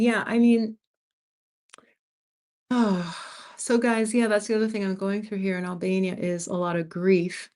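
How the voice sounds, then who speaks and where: A woman's voice: medium pitch, flat delivery, slow, pauses often, darkish tone. A woman, hosting her own channel and telling a long, rambling story in a casual livestream chat. She is tired from a sleepless night, laughs often and acts out the lines of the people she quotes. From United States. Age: 50s. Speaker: channel host.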